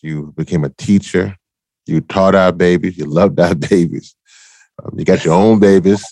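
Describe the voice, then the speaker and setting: Deep-voiced man interviewing, dry sound. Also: fairly even intonation, normal speed, dark tone, no room sound. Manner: affirming, rambling questions. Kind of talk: casual conversational interview.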